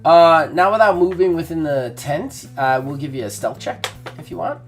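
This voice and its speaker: A man's voice: fairly high pitch, moderate pace. Casual male game master, faint music. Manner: casual, relaxed, with many fillers. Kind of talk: narrating a tabletop game.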